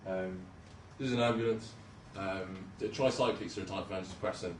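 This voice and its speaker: Give me a low-voiced young man, chatty and hesitant, in an echoey hall. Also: steady tone, brisk, a little hiss or hum. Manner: chatty, self-deprecating, hesitant with many ums. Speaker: junior doctor giving a talk. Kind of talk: casual presentation with slides. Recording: roomy hall, speaker far from mic.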